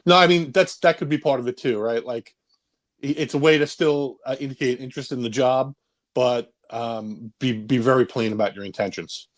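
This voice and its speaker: A man calls into a live show and talks casually, rambling and hesitating between his points. His voice sits at an ordinary middle pitch. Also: normal speed. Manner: rambling, hesitant, lots of uhs. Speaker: caller. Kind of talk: casual call-in chat.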